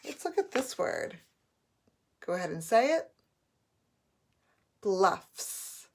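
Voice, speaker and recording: A woman teaching a phonics lesson to young students, sounding out letters and words slowly and clearly as she writes on a board. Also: fairly high pitch, sing-song, a little mellow.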